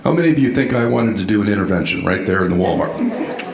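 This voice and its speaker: A man giving a storytelling keynote at a conference, animated and quizzing the audience with questions. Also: on the low side, fast talker, creaky, noisy background. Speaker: conference speaker. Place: large conference hall. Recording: echoey hall sound.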